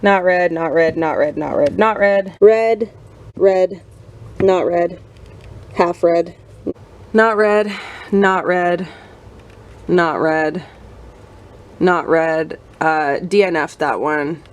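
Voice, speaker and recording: A young woman book vlogger chatting to camera at home among her bookshelves, self-mocking and quick to laugh. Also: fairly low pitch, steady tone. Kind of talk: casual chat to camera. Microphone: camera mic.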